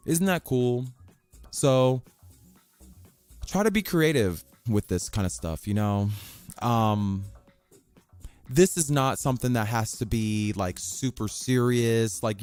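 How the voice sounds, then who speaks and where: A man hosting a casual solo podcast from his bedroom, rambling and excitable, swearing offhandedly and reading passages aloud from a website. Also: lowish voice. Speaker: podcast host.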